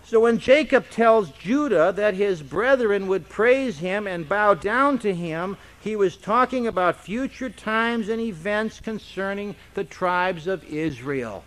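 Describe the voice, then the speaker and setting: A man with a high voice preaches in an unhurried, deliberate way. He teaches the Bible as a pastor and keeps the tone conversational. He keeps tossing rhetorical questions to his congregation. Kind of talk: expository Bible-teaching sermon.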